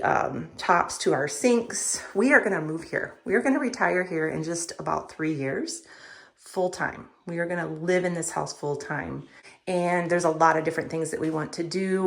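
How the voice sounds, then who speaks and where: Woman, fifties, casual vlog home tour, chatty, enthusiastic, slightly low voice. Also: a bit bright. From United States. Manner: chatty, enthusiastic about thrift finds. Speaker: vlogger giving a home tour.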